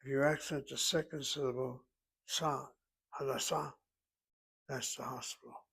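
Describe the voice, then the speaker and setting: A man's voice: medium pitch, steady tone, moderate pace, creaky, a bit bright, husky. A man teaching a Hebrew lesson, reading a dialogue aloud and explaining grammar step by step. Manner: methodical, reads dialogue then explains grammar. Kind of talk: self-paced language lesson.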